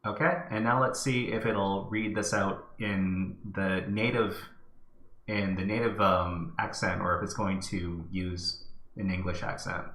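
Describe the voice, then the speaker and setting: Hesitant male tutorial host with a bright, forceful tone. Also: low-pitched, fairly even intonation, measured pace, roomy sound. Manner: thinking aloud, hesitant. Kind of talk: screen-recorded tech tutorial.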